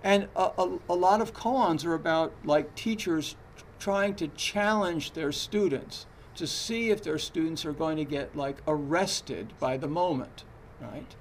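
Zen teacher, conversational and hesitant. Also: male voice, fairly high pitch, measured pace, a little hiss or hum. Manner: conversational, hesitant, frequent fillers and restarts. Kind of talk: dharma talk.

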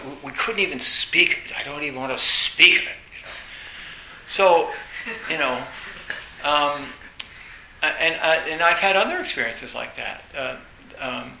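A man giving a Zen dharma talk, telling personal stories in a halting way, restarting words and laughing now and then. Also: on the high side, creaky, sharp tone. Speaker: Zen teacher. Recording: echoey room with faint hiss.

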